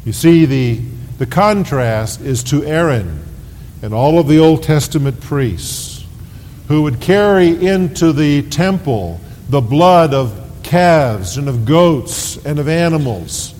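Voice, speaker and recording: Slow, deliberate preaching man. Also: animated, darkish tone. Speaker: pastor. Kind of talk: sermon. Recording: 1990s sermon tape with long reverb and faint rumble.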